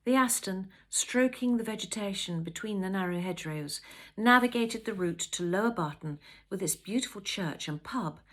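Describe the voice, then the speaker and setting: A woman author reading her own novel aloud, with expressive, measured storytelling. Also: mid-range voice.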